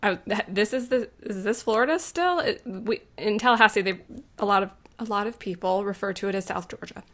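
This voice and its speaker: A woman co-hosting a casual podcast chat, playful and teasing and quick to laugh. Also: medium pitch, fairly bright tone. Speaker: podcast co-host.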